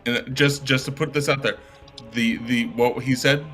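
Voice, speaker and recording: A man's voice: medium pitch, steady tone, moderate pace, fairly bright tone, faint music behind. A man playing a tabletop game, talking emphatically and profanely with lots of "like". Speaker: player. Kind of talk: casual tabletop game chat.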